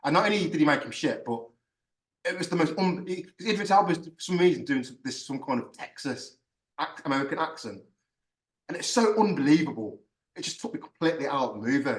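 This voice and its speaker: A man ranting in a casual podcast chat, swearing often and getting animated. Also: fairly high pitch, fast. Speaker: podcast host. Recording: echoey room, far from mic.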